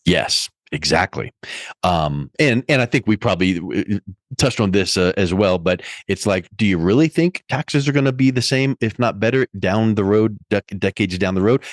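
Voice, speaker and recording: Deep-voiced male interview host. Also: dry recording, studio quality. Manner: conversational, uses analogies, some fillers. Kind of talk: podcast interview.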